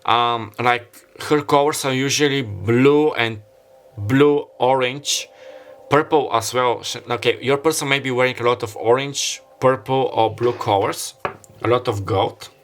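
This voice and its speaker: A man's voice: mid-range voice, measured pace, a bit bright. A man who is not a native English speaker gives a casual tarot reading, rambling and hesitant, often stopping to apologize and correct himself. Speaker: tarot reader.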